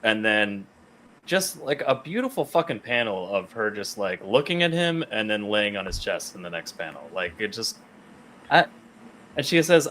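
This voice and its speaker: A man co-hosting a casual podcast, excitedly talking through a comic book, swearing often and reading lines aloud. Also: fairly low pitch, moderate pace, a little hiss or hum. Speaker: podcast co-host.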